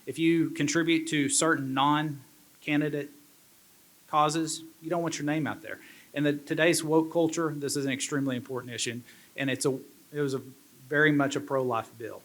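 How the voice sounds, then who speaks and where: A man's voice: a little high, fairly even intonation, moderate pace, a bit bright. Earnest man giving a banquet speech. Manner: earnest, restarts often. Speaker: state representative.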